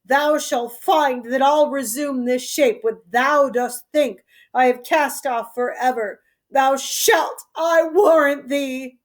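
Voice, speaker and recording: A woman's voice: high-pitched, slow. A woman reading a raging old king. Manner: declamatory, cursing, tearful. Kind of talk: solo reading of a play.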